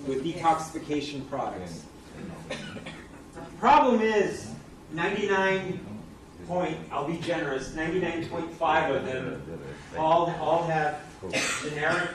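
A man giving a chatty product presentation, asking the audience questions, recorded from a distance in a noisy, echoey room. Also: fairly high pitch. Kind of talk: live product talk to an audience.

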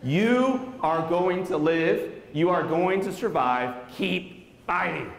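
A man voicing an older male sportscaster, speaking low and quietly with gruff tenderness, in an echoey hall. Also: takes it slowly. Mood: tender.

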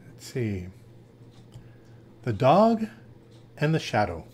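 A man reading fables aloud in a lively storytelling manner. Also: medium pitch, takes it slowly.

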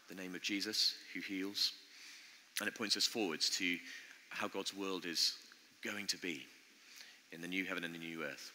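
A man preaching a sermon in an earnest, conversational way, pausing often as he speaks in a church. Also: sits low, sharp tone. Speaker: pastor. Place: church building. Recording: long church reverb.

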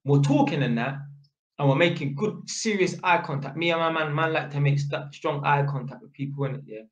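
A man's voice: fairly high pitch, fairly quick, muffled recording. Slangy man in an echoey room. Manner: slangy and sweary, full of innit and fam. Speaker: electrician. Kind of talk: casual storytelling to camera.

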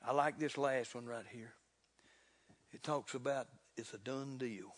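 A man preaching a sermon in a folksy, fervent way, building to loud exclamations. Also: mid-range voice, unhurried. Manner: folksy, repeats "look here". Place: church sanctuary. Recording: reverberant church hall.

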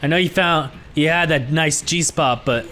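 A young man giving let's-play commentary on a horror game, excitable and swearing a lot, yelling when startled. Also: fairly high pitch, moderate pace, soft background music. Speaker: gaming YouTuber.

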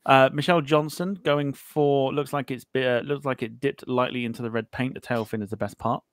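Man, podcast host, casual chat, reads comments, jokey, mid pitch, dry close sound. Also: fairly even intonation, a little fast, dry recording. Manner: chatty, jokey, stumbles over words.

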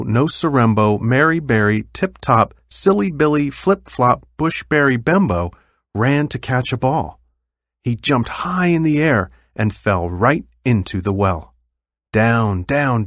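A man narrating children's stories aloud with clear, expressive storytelling. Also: mid-range voice, no room sound, studio quality.

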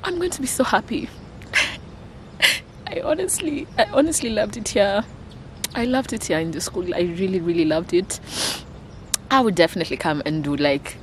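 A woman's voice: low voice, slight background noise. A Kenyan woman in her twenties, talking to camera in a casual vlog, emotional and gushing, repeating her phrases. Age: 20s. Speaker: vlogger.

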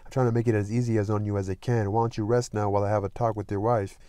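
A blunt small-town deputy, put on by a man reading aloud asks one pushy question after another. The voice sits a shade higher than a low, mellow reading tone, close and dry. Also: little pitch movement, racing, clean tone, no room sound, close to an everyday voice. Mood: uneasy. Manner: pushy questioning, growing stern.

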